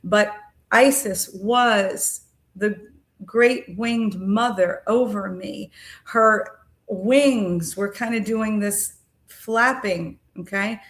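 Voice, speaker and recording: A middle-aged woman speaks slowly and reflectively, sharing a personal spiritual experience on her podcast. Her voice sits at a middle pitch, and she often pauses with soft ums and uhs as she gathers her words. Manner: unhurried, with frequent ums and uhs.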